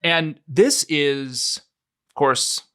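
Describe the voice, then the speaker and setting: A man's voice: on the high side, lively intonation, very slow, fairly bright tone, clean tone. A man co-hosting a podcast, talking in a casual, rambling, self-mocking way. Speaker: podcast co-host.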